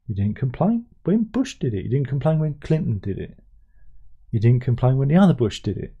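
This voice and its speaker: A man's voice: mid-range voice, sing-song, fairly quick, slightly rough, narrow, tinny audio. A man hosting a casual livestream chat, rambling and sardonic, often restarting his sentences. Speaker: livestream host.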